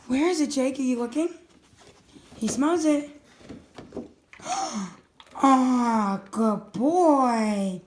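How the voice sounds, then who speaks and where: High-voiced woman coaxing her dog. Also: darkish tone. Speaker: vlogger filming her dog. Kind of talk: casual home video narration. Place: at home, indoors.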